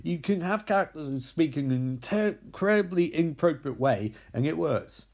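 A man's voice: fairly high pitch, animated, moderate pace, darkish tone. A man giving a sarcastic, profane, rambling comedic recap of a movie. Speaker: movie reviewer.

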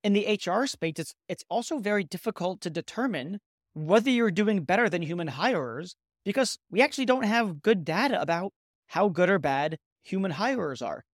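A man's voice: high-pitched, expressive, normal speed, no room sound, studio quality. A man hosting a podcast, introducing the topic and asking questions in an earnest way, often restarting his phrases. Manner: earnest, restarts and repeats words. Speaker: podcast host.

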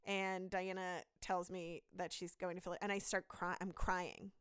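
Woman in her 30s, doctor chatting on a podcast, smooth clear voice, dry close sound, lively and laughy. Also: fairly low pitch, normal speed, dry recording. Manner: animated, laughing, lively retelling. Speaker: physician and podcast co-host, guest. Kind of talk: casual interview storytelling.

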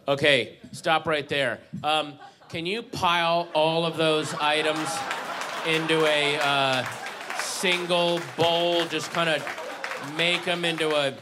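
A man voicing a dim, hungry fast food customer who whines his order through giggles, in a comedy bit. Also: on the high side, background noise.

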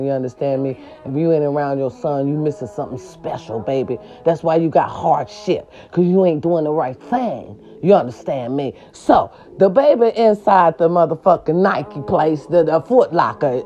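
A woman telling a story in a casual monologue. She talks in an animated, emphatic way, swears freely, and keeps checking in with her listeners. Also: fairly low pitch, muffled recording. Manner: animated, emphatic and profane, with frequent rhetorical check-ins.

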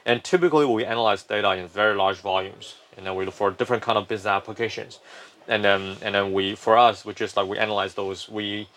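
A man's voice: fairly low pitch, steady tone, fast talker, a bit bright. A man, a company founder, explaining his firm at length in a casual interview, often restarting sentences.

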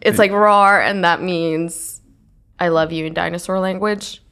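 Podcast host, female, gravelly voice with vocal fry, animated gossipy storyteller. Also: fairly low pitch, moderate pace. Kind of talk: casual chat.

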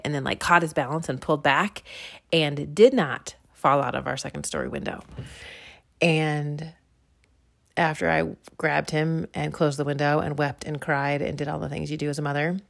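A woman's voice: deep voice, gravelly. A woman in her forties telling a personal faith story in a chatty way, with many fillers, restarts and laughs. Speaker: mother sharing a devotional story. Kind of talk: casual devotional storytelling.

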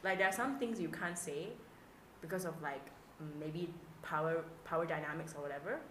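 A woman with a lilt tells stories on a casual podcast, acting out every line of dialogue with plenty of swearing. Her voice sits on the low side, and the room around her adds a noticeable echo. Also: a little fast, slight background noise. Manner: animated storytelling, acts out dialogue, swears freely. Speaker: podcast co-host. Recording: roomy echo.

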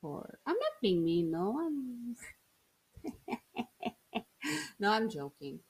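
A woman's voice: mid-range voice, sing-song, slow pace, darkish tone, slightly rough. A Portuguese woman with a Portuguese accent, whose first language is Portuguese, chatting alone to camera in a playful, joking way with frequent laughter. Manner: playful, jokey, laughs often. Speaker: vlogger. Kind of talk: casual solo monologue.

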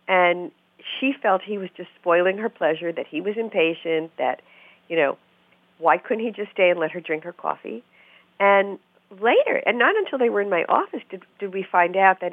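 A woman's voice: fairly low pitch, no echo. A middle-aged woman therapist explaining relationships in a conversational interview, acting out the voices in her stories. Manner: animated storyteller who acts out quoted voices. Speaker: therapist guest. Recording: dry phone-like narrow sound.

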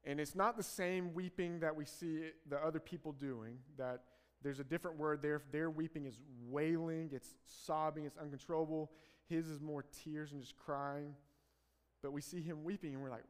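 A man's voice: fairly high pitch, moderate pace, in a large hall. A man preaching a sermon as pastor, earnest, building emphasis on key phrases.

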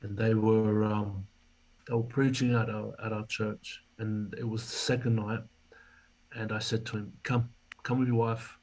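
A man recounts a story as an interview guest. His voice is low and husky, and his pitch stays fairly flat even as he voices the people he quotes. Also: unhurried, low-quality recording. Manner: animated storyteller, acts out quoted dialogue. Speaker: podcast guest, former rugby league player.

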